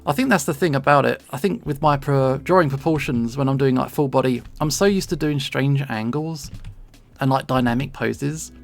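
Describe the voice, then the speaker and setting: Gravelly London-accented streamer chatting. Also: mid-range voice, normal speed, faint music behind. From England. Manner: chatty, rambling, self-deprecating, laughs often. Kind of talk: casual chat while drawing. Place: home streaming setup.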